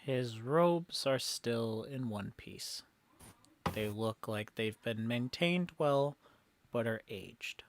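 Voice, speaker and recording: A man running a tabletop game as dungeon master, describing scenes and calling rules in a slow, plain way. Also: mid-range voice, lively intonation, background noise.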